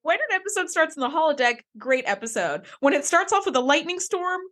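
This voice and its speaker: Woman co-host, slightly high voice, casual and chatty, laughs a lot. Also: big pitch swings, fast talker, fairly bright tone. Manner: chatty, laughs often, lots of "like". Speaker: podcast co-host. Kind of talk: casual chat.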